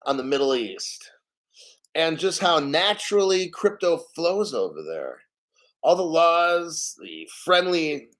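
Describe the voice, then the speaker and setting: A man with a slightly higher-than-usual voice hosts a casual crypto livestream. He reads out chat comments and rambles through conspiratorial asides in a loose, offhand way. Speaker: crypto channel host.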